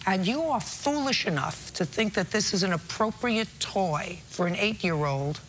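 A woman's voice: mid-range voice, expressive, moderate pace, a bit bright, slight background noise. Blunt, scolding woman judge. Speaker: TV courtroom judge. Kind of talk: courtroom judgment. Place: TV courtroom set.

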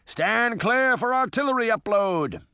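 A man voicing a boastful swashbuckling sea captain in an audiobook, speaking in grandiose, booming proclamations. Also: very animated, moderate pace, pushed and bright, no room sound, clean studio sound. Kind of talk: audiobook character voice.

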